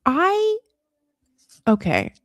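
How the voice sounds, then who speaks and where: A woman hosting a casual recap podcast, talking in an animated, rambling way and slipping into funny voices for quotes. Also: high-pitched, very slow, dry recording, clean studio sound. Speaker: podcast host recapping a reality show. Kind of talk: casual chat.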